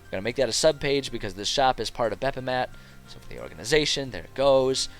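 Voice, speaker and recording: A man's voice: mid-range voice, animated, fast talker, soft background music. A male streamer and game master chatting casually as he builds a world, rambling, joking at his own expense and swearing now and then.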